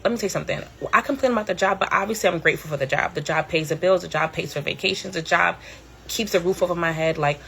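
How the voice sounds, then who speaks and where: A woman's voice: on the low side, quick pace, gravelly, a bit bright, a little hiss or hum. A woman in her thirties talking candidly and casually to a live audience, rambling with plenty of fillers and swearing. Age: 30s. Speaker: podcast host. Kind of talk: casual storytelling on a live stream.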